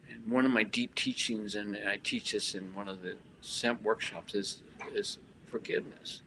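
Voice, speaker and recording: Man chanting and teaching, bright voice. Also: on the low side, steady tone, a little hiss or hum, poor audio. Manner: chanting mantras, halting with repeated words. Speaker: spiritual teacher. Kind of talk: guided meditation and talk. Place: hotel expo hall.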